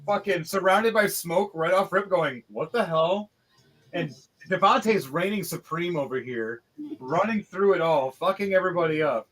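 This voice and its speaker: Dungeon master animado con voz brillante. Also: male voice, sits high, moderate pace. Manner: animated, profane, rambling. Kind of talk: narrating a tabletop game.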